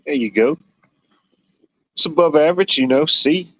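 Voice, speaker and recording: A man's voice: on the high side, moderate pace, a bit bright, no echo, poor audio. A man hosting a livestream in casual chat, rambling and joking, with "you know" sprinkled throughout. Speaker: livestream host.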